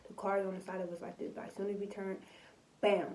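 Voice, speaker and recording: A young woman from Compton, telling a storytime vlog in animated, slangy, filler-heavy speech. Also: medium pitch, fast, a little hiss or hum. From Compton, California. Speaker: vlogger. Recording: voice somewhat distant from the mic.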